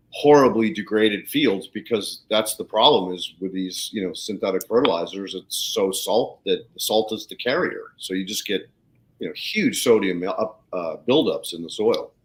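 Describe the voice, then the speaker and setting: A man's voice: lowish voice, moderate pace, low-quality recording. A man hosting a podcast, chatting casually with his guest and sharing his own experience. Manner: conversational, shares own experience. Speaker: podcast host. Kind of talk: casual interview chat.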